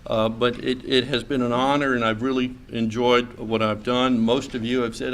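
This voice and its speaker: A man's voice: medium pitch, level tone, moderate pace. A middle-aged man from Louisiana, a state senator giving a folksy club speech full of fillers and restarts. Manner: folksy, hesitant with many fillers and restarts, joking. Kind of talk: after-lunch club speech. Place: club meeting room.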